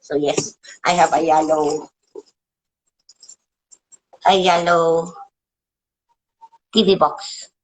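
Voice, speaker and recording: A woman hosting her own show, delivering an agitated, swearing political rant with emotional pitch swings and halting restarts. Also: steady tone, poor audio. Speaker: show host. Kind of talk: ranting political monologue.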